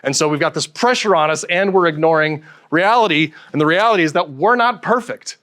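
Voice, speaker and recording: A man with a fairly high voice delivers a live conference presentation. He is middle-aged and keeps it light, cracking jokes and putting questions to the room. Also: brisk. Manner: lively, joking, quizzes the audience. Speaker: conference speaker.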